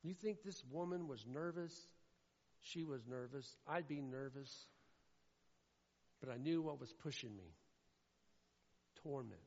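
A man from Indiana preaching a sermon, emphatic and repetitive, swinging between loud declarations and hushed lines. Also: mid-range voice, lively intonation, a little slow, long pauses. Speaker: pastor. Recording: echoey hall, dull lo-fi sound.

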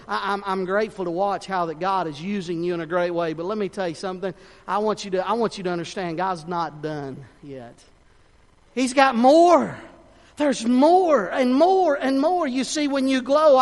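High-voiced preacher in a ringing church. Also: male voice. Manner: fervent, folksy, swings between shouting and hushed tones. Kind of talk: sermon. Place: church sanctuary. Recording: long reverb of a church hall.

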